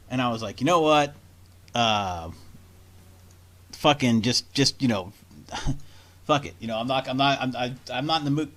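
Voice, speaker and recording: A man's voice: medium pitch, a bit bright. A young man co-hosting a loose podcast, with an ordinary mid-range voice. He rambles, swears nonstop and trips over his own sentences. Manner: rambling, swears constantly, restarts often. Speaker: podcast co-host. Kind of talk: casual profane podcast chat.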